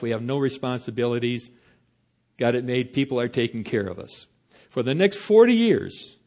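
Male preacher, folksy sermon, mid-pitched, stops and restarts. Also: darkish tone. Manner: conversational, halting storytelling.

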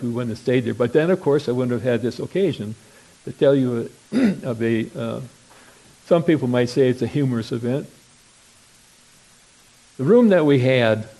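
An older man from Wisconsin telling a rambling, self-deprecating humorous story at a podium, clearing his throat now and then. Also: medium pitch, dark tone, rough recording.

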